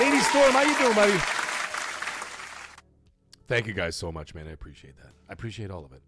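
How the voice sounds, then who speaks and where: Hyped-up gaming stream host. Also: male voice, on the low side, brisk, over a noisy crowd, very noisy. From Canada. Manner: excitable, bursts into loud hype shouts. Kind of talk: live stream chat, reading super chats.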